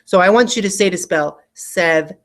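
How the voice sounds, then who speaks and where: Adult spelling teacher, recorded video lesson, patient, repeats words, mid-pitched voice. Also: moderate pace, a bit bright. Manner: patient, repeats each word twice, checks in with students.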